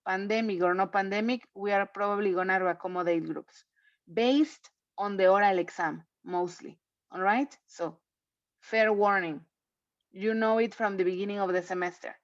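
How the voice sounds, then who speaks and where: A higher-pitched woman, an English teacher, explains rules to her class during an online lecture from home, with no echo. Speaking through a computer mic on a video call, she sounds dull and lo-fi. She's chatty and repetitive, often checking in with "okay?".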